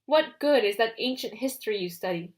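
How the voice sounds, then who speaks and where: A woman reading an audiobook, voicing a smooth, mocking young male villain who taunts the heroes. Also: a little high, lively intonation, fairly quick, natural voice. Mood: taunting.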